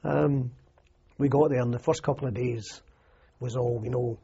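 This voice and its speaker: A man's voice: medium pitch, fairly even intonation, moderate pace, gravelly, dark tone, husky. An older Scottish man, an army veteran, recalling his service in a rambling, anecdotal oral history interview full of "you know" and restarts. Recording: muffled lo-fi recording.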